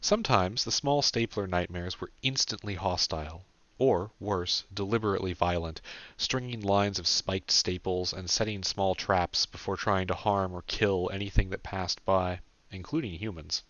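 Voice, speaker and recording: A man's voice: low-pitched, normal speed, a bit bright, no room sound, lo-fi sound. Casting: male audiobook narrator, matter-of-fact, very dry close sound. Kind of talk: scripted narration.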